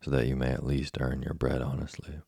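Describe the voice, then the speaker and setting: A man voicing a patient, wise old cricket in a sleep story reading, speaking calmly and without hurry. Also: rumbling low, creaky, no echo, clean studio sound, exaggerated voice. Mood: calm, admonishing. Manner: calm, unhurried admonishing.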